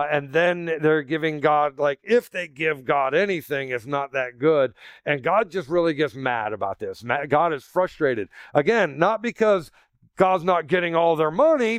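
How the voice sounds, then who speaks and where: Conversational preacher with a smooth voice. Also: male voice, a little high, no echo. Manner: conversational, animated, acts out quoted voices. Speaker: pastor. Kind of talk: sermon.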